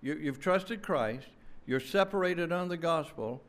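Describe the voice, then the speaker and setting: A man preaching a sermon in an emphatic, fervent way, repeating words and restarting with quick stammers. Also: on the high side, animated.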